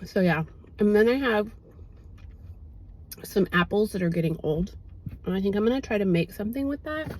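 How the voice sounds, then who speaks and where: In a rough recording, a woman chats casually for her fitness vlog, moving from outdoors to her home. Her mid-range voice is animated and a little mellow, at normal speed with frequent pauses. She rambles chattily, packing her talk with fillers.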